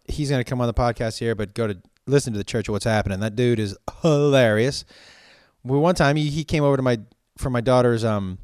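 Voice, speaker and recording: A man's voice: medium pitch, darkish tone, smooth, no room sound, studio quality. A man hosting a podcast, chatting casually through listener questions, drawing out his vowels and rambling with many restarts. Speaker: podcast host; stand-up comedian.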